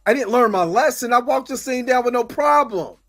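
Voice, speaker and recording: A man's voice: very high voice, expressive, a little fast, fairly bright tone, faint music behind. A man hosting a livestream, venting with frustration, repeating himself and thanking viewers by name. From United States. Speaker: host. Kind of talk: impassioned livestream commentary.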